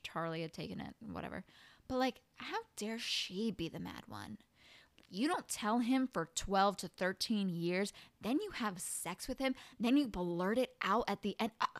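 A young woman hosting a podcast, reviewing a book in a chatty, animated way full of exasperated asides. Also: medium pitch, no echo. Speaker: podcast host. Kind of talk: casual book review monologue.

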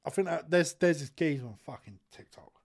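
Blunt, sweary podcast host. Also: male voice, a little high, a little fast, gravelly. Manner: blunt, sweary, animated banter. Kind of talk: casual chat. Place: studio.

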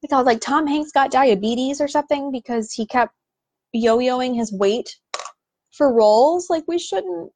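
A woman's voice: high voice, measured pace, a little mellow, no room sound. A woman hosting a casual podcast, ranting in an exasperated, sarcastic way with lots of "like". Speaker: podcast host.

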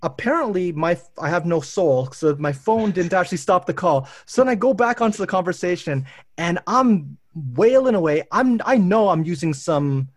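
A man in his thirties hosts a casual chat and tells lively, wandering stories about work and family life, often stopping and restarting mid-sentence. His voice sits a little high for a man. The sound is very dry and close, with no room echo. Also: moderate pace. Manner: animated, rambling anecdotes with restarts. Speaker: professor and host.

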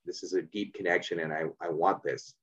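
A man from Canada hosting a podcast, speaking in a thoughtful, halting way with many restarts. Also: low voice, fairly even intonation, fairly bright tone, highs cut off. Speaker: podcast host. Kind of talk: reflective conversational interview.

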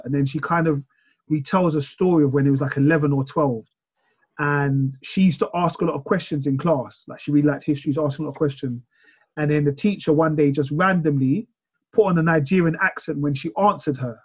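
A man talks on a podcast in a lively, rambling way. His voice is fairly high for a man and husky. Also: a little fast. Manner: animated, rambling retelling. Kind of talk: casual podcast chat.

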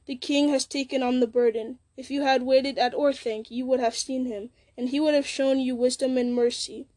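A woman reading the lines of a wise old male wizard, steady and firm. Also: high voice, moderate pace, natural voice. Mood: calm firm.

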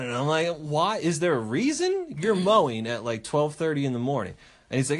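Podcast host, male, lively profane storyteller with a slightly high voice and big swings in pitch. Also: moderate pace. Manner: animated, profane, acts out voices while telling stories. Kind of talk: casual storytelling chat.

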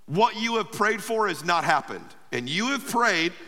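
A man preaching a sermon in a very high, sharp, ringing voice. He is emphatic and keeps calling on the congregation to answer back. His words trail off in the long reverb of a big hall. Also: very animated, unhurried. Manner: emphatic preaching with call-and-response. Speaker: pastor.

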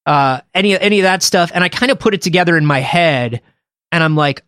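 A man co-hosting a podcast, chatting casually and thinking out loud with hedges and fillers. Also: on the high side, a little fast, dry recording, studio quality. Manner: thinks aloud, hedging with fillers. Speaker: podcast co-host. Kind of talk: casual chat.

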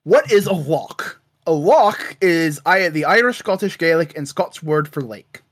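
Casting note: male podcast co-host, lively pitch, animated comic recap with voiced bits. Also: measured pace. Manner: animated, acts out characters' lines with filler "uh". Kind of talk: casual recap of a comic issue.

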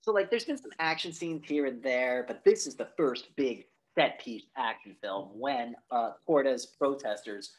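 A man co-hosting a podcast, casually recapping a movie in a rambling, profane way and acting out lines in high voices. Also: lively intonation, normal speed, hardly any pauses. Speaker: podcast co-host.

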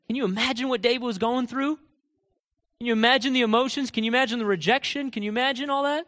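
A man preaching a sermon, jumping from loud emphatic declarations to quiet low asides and acting out quoted lines with rising fervor. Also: fairly quick. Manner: acts out quoted voices and scripture with rising intensity. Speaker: pastor.

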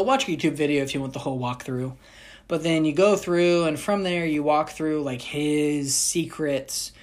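Woman, low-pitched voice, casual storytelling, animated, jokey asides.

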